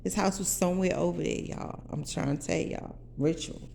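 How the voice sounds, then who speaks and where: Gravelly, profane DC woman in her sixties. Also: on the low side, steady tone, normal speed, dark tone, a little hiss or hum. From Washington DC area. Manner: blunt, profane, fiercely emphatic. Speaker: vlogger telling her life story. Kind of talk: casual storytelling to viewers.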